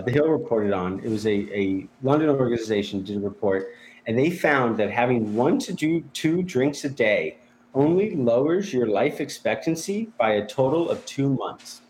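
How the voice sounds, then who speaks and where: A man's voice: medium pitch, a little mellow. A man appearing as a radio guest, telling news stories in an upbeat, chatty way. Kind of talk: casual radio chat. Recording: echoey room, faint hiss.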